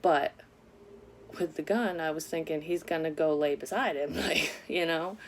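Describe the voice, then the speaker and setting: A woman's voice: low-pitched, normal speed, slight background noise. A woman vlogger candidly telling a personal story in a casual, rambling way, with lots of swearing and frequent self-corrections. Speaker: psychic medium vlogger.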